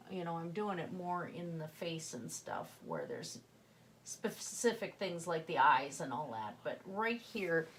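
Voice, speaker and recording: A painting instructor with a slight Southern US accent gives a chatty tutorial in a voice on the low side. She thinks aloud as she works, sometimes dropping to a murmur, with slight background noise.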